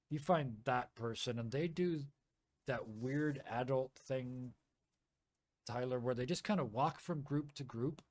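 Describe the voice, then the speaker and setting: A man's voice: mid-range voice, no room sound. A man narrating as game master of a tabletop game, vivid and playful with sound effects.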